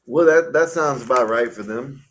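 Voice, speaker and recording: A man's voice: mid-range voice, moderate pace, poor audio. A man on a live panel, talking bluntly and heatedly, full of rhetorical questions. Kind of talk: casual live panel chat.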